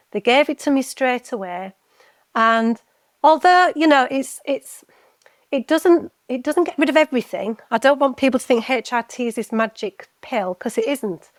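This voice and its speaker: A woman's voice: a little high, no echo. A woman guest on a podcast, telling her personal story candidly and earnestly, often stopping and restarting her sentences. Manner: earnest, halting with frequent restarts. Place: podcast recording.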